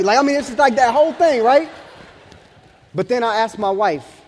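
A pastor in his thirties preaches with a fairly high voice for a man, and his words ring out with a long reverb in a large church hall. He tells a story in lively street slang, acting out the voices of the people in it. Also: moderate pace, breathy edge. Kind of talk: sermon.

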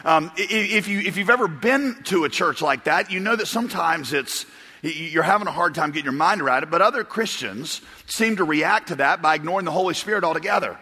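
Bright-voiced pastor in a reverberant hall. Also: male voice, on the high side, animated, brisk, breathy edge. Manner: rambling storyteller, chuckles and restarts. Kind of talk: sermon with humorous stories. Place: church auditorium. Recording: long reverb of a large hall.

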